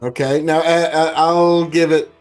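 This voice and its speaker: A man with a fairly high voice hosts a relaxed whiskey tasting. He draws out his phrases deliberately. Soft music plays faintly underneath. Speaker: host of a whiskey review show. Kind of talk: casual tasting chat.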